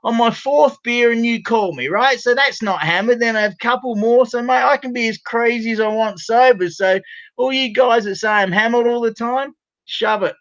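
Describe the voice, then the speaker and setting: Australian guy, high voice, rowdy and profane, dull lo-fi call audio; show regular on a video call. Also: normal speed. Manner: loud, rowdy, swears freely. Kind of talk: casual video call chat. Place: bedroom at home.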